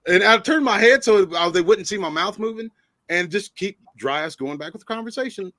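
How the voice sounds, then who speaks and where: A man's voice: high voice, animated, fairly quick, sharp tone, dry recording. A man hosting a live stream, telling a long story in casual chat, stammering and laughing as he goes. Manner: rambling, stammering, laughs often.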